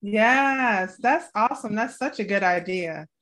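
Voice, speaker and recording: A woman hosting an interview, warmly affirming her guest and asking follow-up questions. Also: medium pitch, expressive, a little slow. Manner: affirming, gives frequent encouraging replies. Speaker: host. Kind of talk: interview talk.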